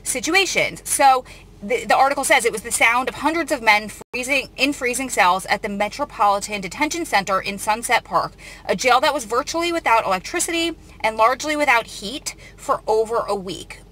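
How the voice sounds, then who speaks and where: A woman host with a bright, fairly high voice reads a news story aloud and adds her own comments. She speaks earnestly, her feeling showing, and often stops to restart a sentence. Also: lively intonation, a little fast, slight background noise. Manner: earnest and emotional, with frequent restarts. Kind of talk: reading and commenting on a news article.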